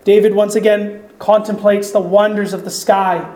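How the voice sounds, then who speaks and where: A preacher giving a reflective sermon, slowing down when reading scripture aloud. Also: medium pitch, little pitch movement, dark tone. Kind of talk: sermon on a psalm. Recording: echoey room.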